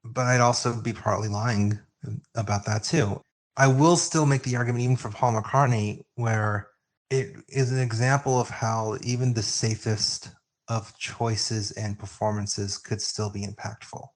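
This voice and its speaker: A man co-hosting a music podcast, chatting casually and getting excited and openly emotional. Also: lowish voice, unhurried. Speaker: podcast co-host. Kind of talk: casual music debate chat. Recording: remote call, own mic.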